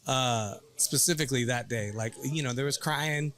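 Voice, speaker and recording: A man in his thirties hosting a casual bar chat show, telling stories in a rambling, animated way. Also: medium pitch, moderate pace. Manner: rambling, animated storytelling with quoted voices. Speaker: podcast host and youth baseball coach.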